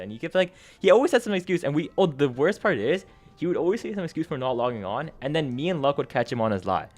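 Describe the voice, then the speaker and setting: A man's voice: fairly high pitch, fairly quick, faint music behind. A young man telling a gaming story in a casual, rambling way, full of slang, swearing and fillers, his energy rising and falling. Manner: animated, jumps up and down in energy.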